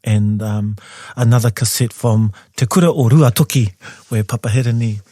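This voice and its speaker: A man with a New Zealand accent, a guest telling his story in a studio interview, lively and acting out what others said. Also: medium pitch, moderate pace. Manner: lively storyteller who acts out what people said. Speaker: guest, composer and musician.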